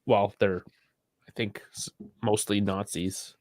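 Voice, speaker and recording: A man's voice: on the low side, steady tone, takes it slowly, darkish tone, no echo. A man co-hosting a livestream podcast, chatting casually, explaining things with dry asides and chuckles. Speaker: podcast co-host.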